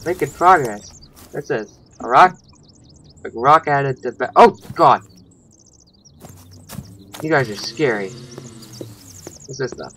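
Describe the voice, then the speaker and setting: A man's voice: mid-range voice, lively intonation, slow, pauses often, bright, forceful tone, faint music behind. A man giving let's play commentary, thinking aloud and swearing when startled. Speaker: gaming channel host.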